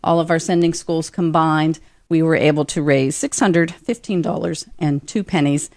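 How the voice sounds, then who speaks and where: A woman's voice: deep voice, fairly even intonation, moderate pace, a little mellow. A woman teacher speaking in a radio studio, confident and projecting her voice. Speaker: teacher accompanying students.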